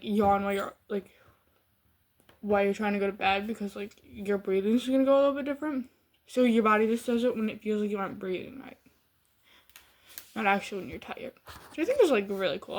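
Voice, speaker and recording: A woman from Michigan with a Midwestern accent, casually telling a story to her camera in a rambling way full of fillers and restarts. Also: mid-range voice. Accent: Midwestern American. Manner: rambling, heavy use of "like" and restarts. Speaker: vlogger.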